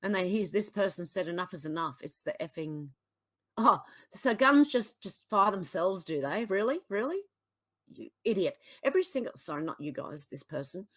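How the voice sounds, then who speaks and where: An Australian woman reading out social media posts and reacting to them bluntly, with frequent exasperated sighs and sudden sharp retorts. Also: on the low side, expressive, moderate pace. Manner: exasperated, blunt, swings between sighs and outbursts. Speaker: political commentary vlogger.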